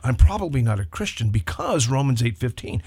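A man, a pastor on a church talk show, chatting casually and telling stories with lively acted-out asides. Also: medium pitch, fairly quick, slightly rough, no echo. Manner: animated storyteller, acts out quoted people.

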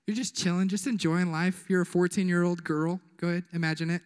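High-voiced joking young pastor. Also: male voice, fairly even intonation, fairly quick, clean tone. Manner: joking, slangy, conversational. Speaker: youth pastor. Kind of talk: casual sermon. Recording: echoey hall.

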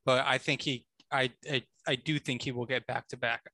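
Brief: male sports-talk co-host, crisp bright voice, emphatic, dry close recording. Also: medium pitch, steady tone, normal speed, dry recording. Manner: emphatic, stat-heavy arguing. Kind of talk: casual sports chat.

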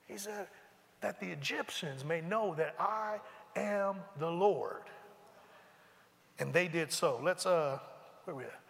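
A high, bright-voiced man preaches to a congregation, moving between reading scripture and lively, casual asides. His voice rings out with a long reverb, as in a large hall or sanctuary. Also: slow, creaky, pauses often. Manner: animated, conversational, breaks into asides and mimics characters. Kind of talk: sermon, reading and explaining scripture.

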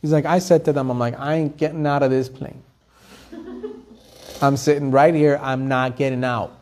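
A man telling stories in a Torah class, acting out the people in them with lively shifts of voice. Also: medium pitch, normal speed, slight background noise. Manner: animated storytelling, acting out the people in his stories. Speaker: Torah teacher.

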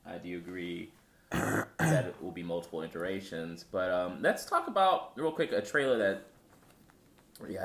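A man co-hosting a podcast in a casual chat, animated and jokey, often trailing off. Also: low voice. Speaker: podcast co-host. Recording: roomy echo.

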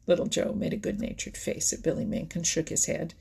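A woman narrating a children's animal storybook in a soft, often whispery, husky voice. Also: low voice, steady tone, brisk. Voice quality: husky, gravelly.

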